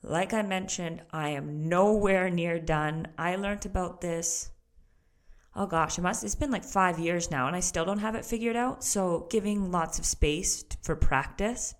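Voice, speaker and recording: Young woman doing a solo podcast, chatty and candid, laughs a lot, kinda low voice. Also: unhurried. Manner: candid, laughs often, talks to the listener directly. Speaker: podcast host. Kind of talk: casual solo podcast talk.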